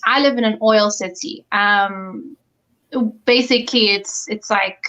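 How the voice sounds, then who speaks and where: Bright-voiced South African woman chatting. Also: a little high. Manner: animated storyteller, laughs often, acts out quoted dialogue. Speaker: guest. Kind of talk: casual chat on a live stream. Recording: muffled lo-fi audio.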